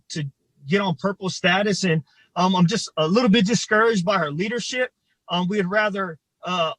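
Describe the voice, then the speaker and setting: Choked-up man, halting and high-voiced. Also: fairly bright tone, no room sound, poor audio. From Ohio. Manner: halting, emotional, many fillers. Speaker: community organizer. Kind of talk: livestreamed protest testimony. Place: outdoors in front of a state capitol.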